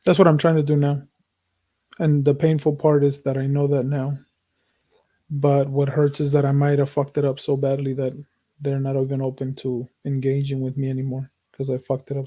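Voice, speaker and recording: A man's voice: mid-range voice, mellow. A man co-hosting a heartfelt podcast conversation, speaking earnestly and searchingly, repeating himself and swearing as he works through his thoughts. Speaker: podcast co-host.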